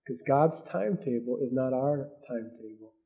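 A man preaching a sermon, swinging between loud emphasis and hushed asides. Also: mid-range voice, moderate pace, dull audio. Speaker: pastor.

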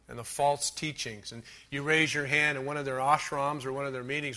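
A man preaching a sermon as a pastor, listing numbered points with emphasis, slowing on key words and dropping in dry asides. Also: medium pitch, fairly even intonation, pushed and bright.

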